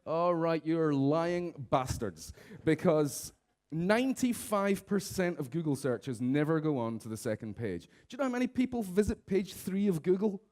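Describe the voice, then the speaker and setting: Lively man giving a comic keynote. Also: a little high, normal speed. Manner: lively, mimics office characters in raised voices. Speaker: conference speaker. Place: conference stage.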